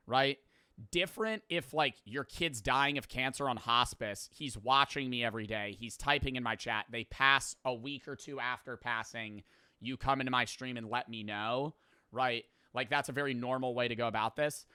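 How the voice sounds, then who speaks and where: Young male streamer, blunt and profane, smooth clear tone, dry close mic. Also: medium pitch, lively intonation, normal speed, pushed and bright, no echo. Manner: blunt, swearing, filler-heavy. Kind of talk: casual storytelling and reflection.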